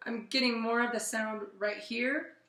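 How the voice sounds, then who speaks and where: A woman singing teacher giving a casual vocal lesson, talking through warm-ups in a relaxed, chatty way with plenty of fillers and sung scales between. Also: fairly high pitch, a little slow, echoey room. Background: piano.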